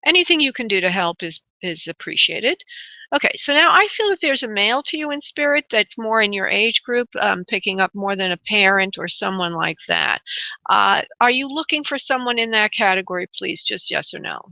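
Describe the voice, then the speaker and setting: A woman's voice: medium pitch, animated, normal speed, creaky, bright, forceful tone, no room sound. A woman hosting a call-in psychic radio show, chatty and rambling, calling callers honey and darling. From United States. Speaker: psychic medium radio host. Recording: dull lo-fi internet radio audio.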